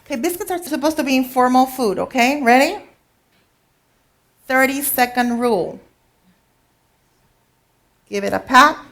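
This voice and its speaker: A woman leads a live cooking demonstration in a teaching kitchen, explaining each step in a chatty, instructive way. Her voice sits a little high, and she keeps checking that her audience is following along. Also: unhurried, long pauses, a bit bright.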